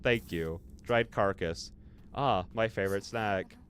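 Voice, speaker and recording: A man's voice: on the low side, slow, a bit bright, slight background noise. A man streaming a horror game, chatting with his viewers and reading their messages aloud in a rambling, filler-heavy way. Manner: reads chat aloud and answers viewers. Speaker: livestreamer. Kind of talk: live horror game commentary.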